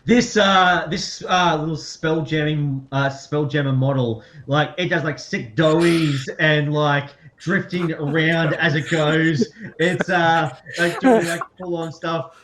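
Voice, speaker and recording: A man's voice: on the high side, slow pace, few pauses, background noise. A man running a tabletop game as game master, narrating casually with many fillers and frequent laughs.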